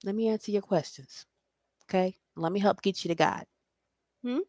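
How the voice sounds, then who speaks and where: A woman's voice: mid-range voice, moderate pace, warm tone, dry recording. A woman giving a casual psychic tarot reading, reassuring and blunt, often asking "okay?" and swearing casually. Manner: reassuring, repeats "okay?" and "I feel like". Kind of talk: casual spiritual reading to camera.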